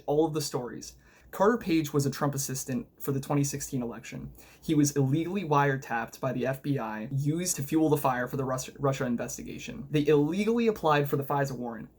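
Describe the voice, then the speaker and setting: A man narrating a sarcastic political video essay, combative and mocking, full of rhetorical questions. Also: fairly high pitch. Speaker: political commentary video host.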